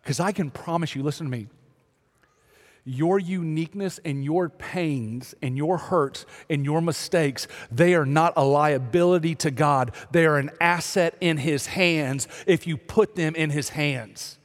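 Guy preaching, kinda high voice, jokey stories then gets serious, long echo like a big hall. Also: unhurried. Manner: comic storytelling turning earnest. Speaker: pastor. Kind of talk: sermon with humorous story. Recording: long reverb of a large hall.

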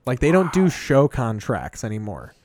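A man's voice: medium pitch, huge pitch swings, normal speed, a little mellow, slight background noise. A man hosting a casual podcast, reading out trivia with a sardonic, profane manner.

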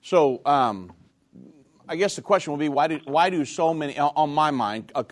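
A man hosting a call-in radio show, explaining points slowly and repeating them. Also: a little high, expressive.

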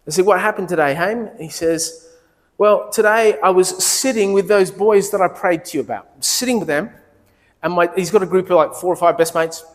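A middle-aged male pastor preaching, telling personal stories in a conversational, animated way with quoted dialogue. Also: high voice, moderate pace, in a large hall.

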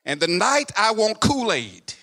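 A male preacher telling a story in a sermon, dropping to a hush, then rising to loud, animated exclamations. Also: high voice, measured pace, vocal fry. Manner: animated, swinging from hushed narration to loud exclamations.

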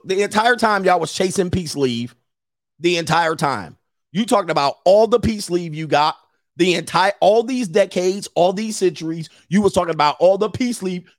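A man's voice: sits high, dry recording, clean studio sound. A man, scolding and mocking in a ranting commentary monologue, laughing often. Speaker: commentary host.

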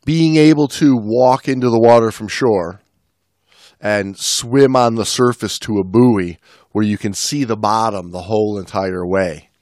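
A man's voice: on the low side, a little slow, a little mellow, dry recording, studio quality. A man co-hosting a podcast as a dive instructor, talking casually and rambling with many restarts. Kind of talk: casual chat.

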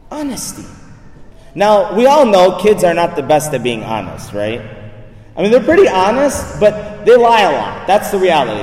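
A man preaching a sermon in a lively, conversational way, often checking in with his listeners. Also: a little high. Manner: animated, conversational, asks listeners "right?". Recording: echoey hall, speaker far from mic.

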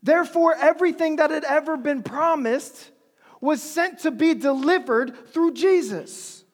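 A preacher giving an animated, humorous, conversational sermon in a large hall. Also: high-pitched, a little slow.

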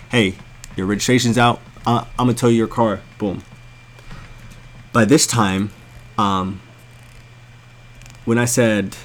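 Blunt, profane man ranting to viewers. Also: lowish voice. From United States. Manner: blunt, heated, profane, addressing viewers directly. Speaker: storyteller ranting to camera. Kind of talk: profane storytelling rant.

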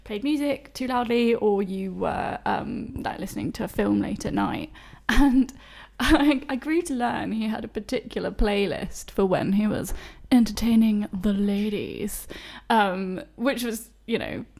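A woman's voice: mid-range voice, unhurried, vocal fry, darkish tone. A woman, telling stories in a casual podcast chat, chatty and self-deprecating with many fillers.

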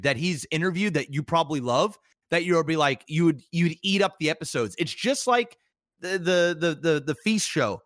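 Excitable swearing man, lively pitch. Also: no echo, studio quality. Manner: excitable storyteller, swears a lot, says "bro" and "dude". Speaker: podcast co-host. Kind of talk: casual chat.

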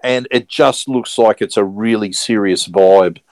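Co-hosting a laid-back sports podcast chat, this man speaks with a fairly low, slightly mellow voice at a measured pace. He's hesitant, full of fillers and restarts, and picks each word with care. The audio is poor but has no room sound.

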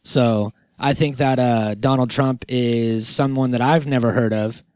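A man chatting on a podcast, keeping his jokes deadpan and rambling through them with plenty of fillers. His pitch sits in an ordinary middle range. The sound is close and dry, with no room around it. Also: measured pace, clean tone, no room sound. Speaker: podcast host. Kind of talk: casual comedic chat.

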